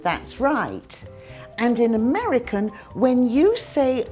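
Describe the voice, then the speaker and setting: A woman's voice: fairly high pitch, sing-song, darkish tone, soft background music. A British woman teaching an English lesson, carefully demonstrating how words are pronounced. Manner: slow, careful demonstrations of pronunciation. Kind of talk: scripted language lesson.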